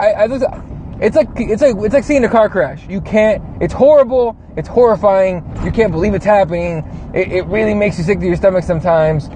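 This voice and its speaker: A man with a fairly high voice rants casually and swears freely, rambling from point to point and reading viewer comments as they come in. He talks from inside a car, and the sound is dull and lo-fi with faint road noise. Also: a little mellow. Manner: rambling, swears a lot, reads chat comments aloud. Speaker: show host. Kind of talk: casual profane rant.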